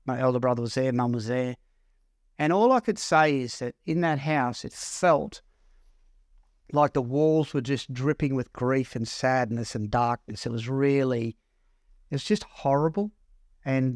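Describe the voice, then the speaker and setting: An Australian man working as a counsellor, telling a personal story in an earnest, halting way that repeats words as he goes. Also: mid-range voice, clear, resonant tone, no room sound, studio quality. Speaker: counsellor and mentor. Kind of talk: personal story told to camera.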